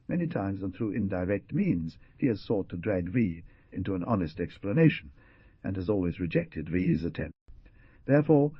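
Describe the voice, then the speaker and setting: A bitter, brooding young outlaw, read by a man in an audiobook. The husky, low voice swings widely as he pleads with intensity. The recording is dry and dull. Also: no room sound, exaggerated voice.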